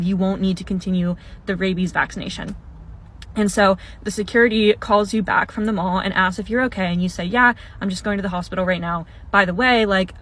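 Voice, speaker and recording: A woman's voice: medium pitch, a bit bright. A young woman casually recounting her own mishap, telling it in second person and laughing now and then. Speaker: storyteller. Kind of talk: casual storytime.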